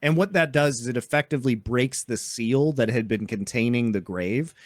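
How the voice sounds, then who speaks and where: A man's voice: mid-range voice, moderate pace, no echo, studio quality. A man co-hosting a podcast, explaining a film's background in an informative way. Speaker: podcast co-host. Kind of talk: casual film discussion.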